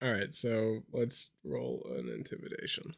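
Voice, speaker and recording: A man playing a tabletop game, playful and quick to laugh. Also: fairly low pitch, very animated, vocal fry, crowd noise. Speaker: player. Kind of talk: casual tabletop role-play.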